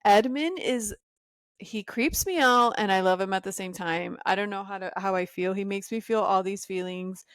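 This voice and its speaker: A woman's voice: medium pitch, normal speed, clear, resonant tone, no room sound. Sassy woman ranting on her podcast. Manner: opinionated, sassy, ranting with laughs. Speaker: podcast host. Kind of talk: solo podcast commentary.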